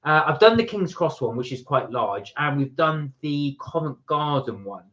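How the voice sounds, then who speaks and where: A man's voice: a little high, expressive, moderate pace, a bit bright. Chatty man on a lo-fi live stream. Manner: chatty, rambling, self-correcting. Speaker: co-host of a live chat stream. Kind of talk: casual live-stream chat, reading out comments. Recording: dull lo-fi live-stream audio.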